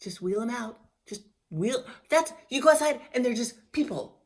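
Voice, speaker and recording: A woman's voice: a little high, expressive, moderate pace. A middle-aged woman telling a personal story in a casual vlog, candid and emotional, often restarting and trailing off mid-phrase. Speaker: vlogger.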